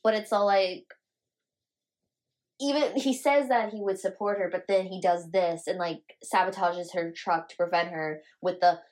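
A young woman co-hosting a podcast, chatting casually with quick reactions. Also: on the low side, fairly even intonation, a little mellow. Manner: quick reactions, laughs while talking. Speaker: podcast co-host. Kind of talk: casual chat.

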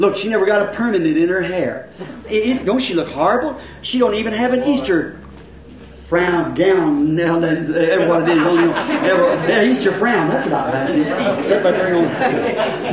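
A middle-aged man preaching a revival sermon to a congregation, in folksy rural grammar, asking questions and now and then breaking into shouts. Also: high-pitched, lo-fi sound. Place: church hall with congregation. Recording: very echoey old church recording.

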